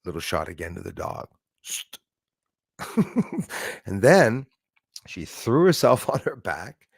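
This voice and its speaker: Animated man telling a story, low voice. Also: moderate pace, vocal fry, slightly rough, no room sound, clean studio sound. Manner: animated, acts out quoted voices, frequent fillers. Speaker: live stream host. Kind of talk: casual storytelling.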